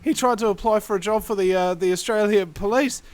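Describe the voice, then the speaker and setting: A man's voice: high voice, a little fast, a little mellow, dry recording. Blunt New man hosting. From New Zealand. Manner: blunt, mildly cussing, wry. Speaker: host. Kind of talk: casual chat.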